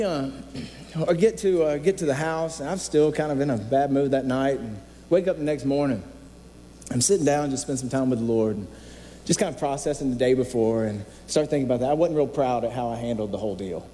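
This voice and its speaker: A man's voice: on the high side, mellow, slight background noise. A male pastor telling a self-mocking story in a sermon, acting out the people he quotes. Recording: reverberant hall, faint ambience.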